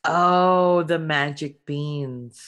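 Woman, slow pace, bright tone, giggly casual chat. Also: deep voice, smooth.

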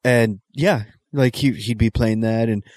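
Halting, laid-back podcast co-host. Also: male voice, medium pitch, fairly even intonation, a little mellow, no room sound, clean studio sound. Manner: halting, many fillers and restarts, laid-back. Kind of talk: casual podcast banter.

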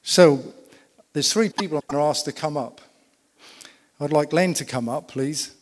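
In a church hall with long, lingering reverb, a man with a slightly high voice preaches at a moderate pace. His sermon mixes emphatic storytelling with rhetorical questions aimed at the congregation.

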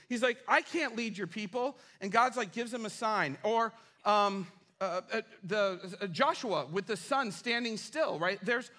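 Male pastor, high bright voice, casual and funny while preaching. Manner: animated, casual, humorous storytelling. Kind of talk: sermon. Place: church.

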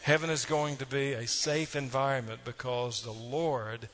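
A man preaching in a church. He talks in a folksy, storytelling way and speaks straight to his listeners with little asides, his pitch sitting in an ordinary middle range. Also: fairly even intonation, normal speed, fairly bright tone, a little hiss or hum. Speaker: pastor. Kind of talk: sermon.

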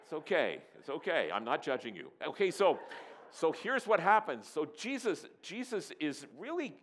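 Animated male preacher with a lively voice. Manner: animated, playful, acts out bits of scripture; drops to a soft, low, earnest tone. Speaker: pastor. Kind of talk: sermon.

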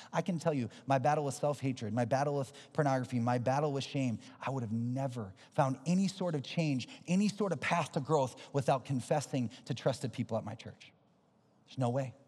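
A man preaching a sermon as pastor, urgent and impassioned, then closing in a soft, hushed prayer. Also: mid-range voice, husky, long reverb tail.

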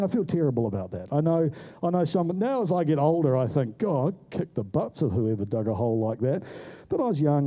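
A man telling a story in a sermon, acting out the voices of the people in it. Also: fairly high pitch. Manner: animated storyteller who acts out voices. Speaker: preacher.

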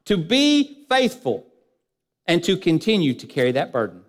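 High-voiced preacher in a reverberant hall. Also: male voice, huge pitch swings, normal speed. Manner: preaching with repeated lists and rhetorical questions, voice dropping low at phrase ends. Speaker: pastor. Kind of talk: sermon.

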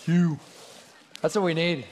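A man's voice: fairly high pitch, fairly even intonation, a little slow, a little mellow, a little hiss or hum. Encouraging man hosting in an echoing hall. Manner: encouraging and informal, with short affirmations. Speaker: leader of a church gathering. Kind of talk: casual hosting of a church gathering. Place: church gathering hall. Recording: echoey hall with long reverb and a faint crowd.

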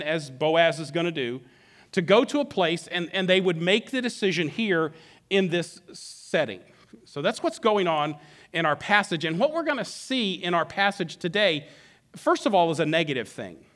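Lively, high-voiced male preacher. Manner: animated, playful storytelling with frequent restarts. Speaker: pastor. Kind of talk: sermon.

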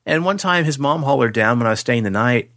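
Animated man telling a ghost story, dry sound. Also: mid-range voice, fairly quick, no room sound. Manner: animated, swears freely, acts out voices. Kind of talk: casual storytelling.

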